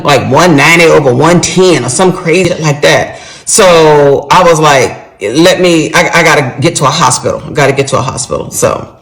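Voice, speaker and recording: A middle-aged woman telling a personal story in a casual storytime monologue, animated and talking straight to her viewers. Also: low voice, poor audio.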